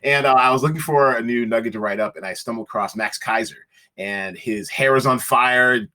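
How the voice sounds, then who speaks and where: A man's voice: medium pitch, a little fast, pushed and bright. A man, a company founder, answering interview questions over a video call in a chatty way, laughing often. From Seattle, United States. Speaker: company founder and CEO, guest.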